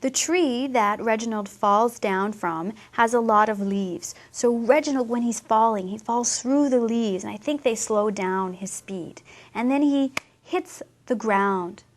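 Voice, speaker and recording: A woman teaching English who talks young learners through a picture book, asking them gentle questions. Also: a little high. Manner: slow, warm, questioning teacher talk.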